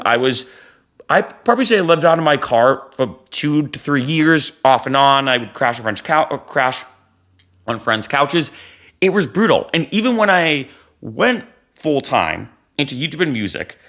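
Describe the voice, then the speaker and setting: A man's voice: medium pitch, very animated, moderate pace, fairly bright tone. A man in his thirties talking to camera in a casual, earnest way, giving life advice and repeating phrases for emphasis. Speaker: vlogger.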